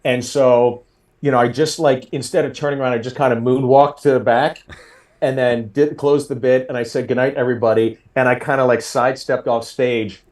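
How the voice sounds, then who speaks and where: Comedian guy telling a story on a podcast, animated, pitch goes way up doing quotes. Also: brisk. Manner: animated storyteller, voice jumps high when acting out quotes. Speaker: comedian guest. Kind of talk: casual storytelling.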